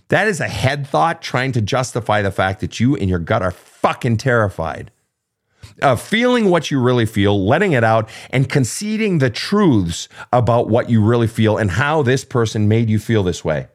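A man with a medium-pitched voice hosts a live advice talk show at a moderate pace, answering listener questions bluntly, emphatically and with plenty of profanity. He's animated, acting out emotional outbursts as he goes.

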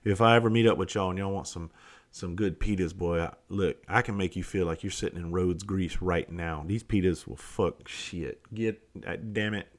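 A vlogger in his forties from the Southern United States, with a matching accent, tells a rambling, profane story in a casual monologue. He's animated and keeps interrupting himself, speaking at normal speed in a deep voice.

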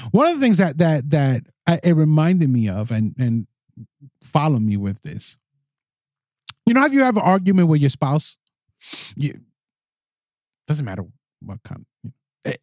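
A man's voice: on the high side, no echo. A man hosting a podcast, reading a letter aloud and then ranting indignantly, with mocking impressions of the other side. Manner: animated, indignant, mocking put-on voices. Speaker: podcast host. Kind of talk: opinion podcast monologue. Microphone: studio microphone.

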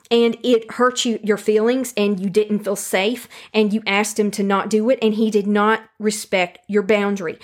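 A woman with a medium-pitched voice gives a calm, earnest self-help talk teaching how to handle anger. She addresses the listener directly and repeats key phrases for emphasis.

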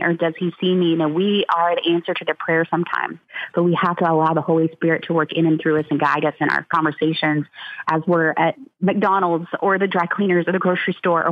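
A woman's voice: on the low side, dry recording. A woman who founded a ministry, telling heartfelt stories as a guest in an interview. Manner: earnest, heartfelt storytelling. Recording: tinny phone line.

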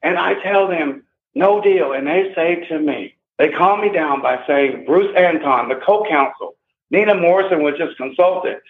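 Telling his own story as an interview guest, a man in his sixties grows emphatic and agitated, repeating himself in an emotional first-person account. His voice sits a little high and keeps a measured pace, carried over a tinny phone line with echo.

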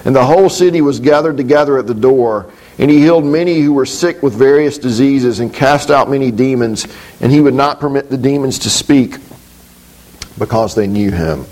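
A man teaching from the Bible. He reads the scripture in a measured, deliberate way, then explains it thoughtfully with frequent hesitations. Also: medium pitch, darkish tone, low-quality recording. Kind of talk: scripture reading and commentary.

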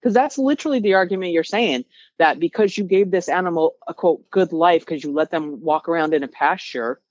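A woman's voice: fairly low pitch, a little fast, darkish tone, no echo, lo-fi sound. A woman guest on a casual podcast, arguing bluntly and with passion. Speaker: guest, vegan advocate.

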